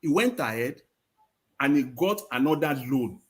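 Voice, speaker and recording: A man with a Nigerian accent on a live-stream panel, citing figures with halting restarts. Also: mid-range voice, expressive, slightly rough. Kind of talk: heated live-stream debate.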